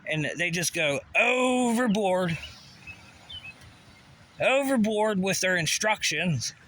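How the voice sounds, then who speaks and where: A man's voice: high voice, animated, slow pace, fairly bright tone, a little hiss or hum. A man delivering a rambling, profane, conspiratorial monologue, often asking rhetorical questions. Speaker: vlogger.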